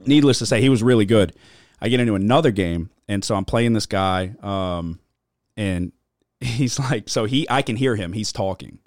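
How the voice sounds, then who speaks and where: Low-voiced man rambling, swearing casually. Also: moderate pace, dry recording, studio quality. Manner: rambling storytelling, heavy swearing, lots of filler. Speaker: podcast host. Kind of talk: casual chat.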